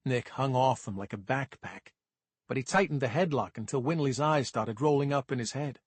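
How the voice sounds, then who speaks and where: Husky guy reading a mystery audiobook, dry deadpan, close dead room. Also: medium pitch, moderate pace, dry recording. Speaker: audiobook narrator. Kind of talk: first-person audiobook narration.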